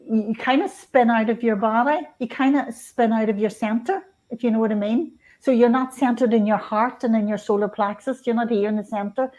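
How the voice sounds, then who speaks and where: A woman speaking as a spiritual guest in a radio interview, unhurried and reflective, with frequent restarts and fillers. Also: on the high side, darkish tone.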